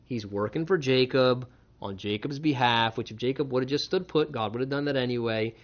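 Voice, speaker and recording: A man preaching a sermon, animated and conversational, mixing scripture reading with wry humorous asides. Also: medium pitch, fairly quick. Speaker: pastor. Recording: dull lo-fi recording.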